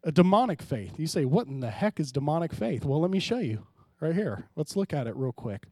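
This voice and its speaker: A man pastor preaching a sermon, swinging between hushed, low passages and loud, emphatic rises, often calling out to the congregation. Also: big pitch swings, fairly quick, no room sound, studio quality. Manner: preaching with sudden drops to quiet and loud rises, calls to the congregation.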